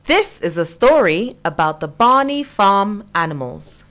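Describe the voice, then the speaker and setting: A woman reading a farm-animal story aloud to children, speaking warmly and slowly. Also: medium pitch, sing-song, faint music behind. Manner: warm and slow, speaking to children.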